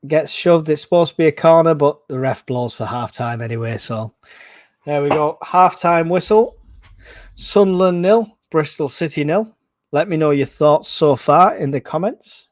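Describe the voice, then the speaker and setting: A man giving excitable, casual live fan commentary on a football match, groaning and swearing at the play. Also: on the high side, normal speed, dry recording, studio quality.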